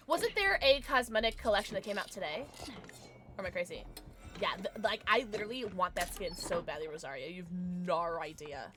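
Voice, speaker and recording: A woman streaming a game live, chatting excitedly with viewers and her teammates and calling people love. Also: lowish voice, fairly quick, over music. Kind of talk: live gameplay commentary.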